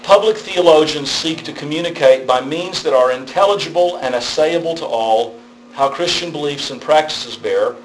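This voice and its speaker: Now on the high side at a normal speed, the middle-aged pastor's voice comes through poor audio with slight background noise. His lecture on theology stays chatty and animated, dotted with tag questions as he checks in with listeners.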